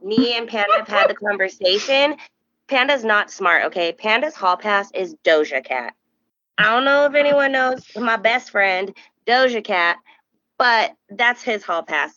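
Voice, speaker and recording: A young woman hosting a podcast tells a story in casual chat, with a bright, fairly high voice. She throws herself into the quoted lines, jumping up high and loud. The recording is dry and slightly muffled. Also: dry recording. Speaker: podcast host.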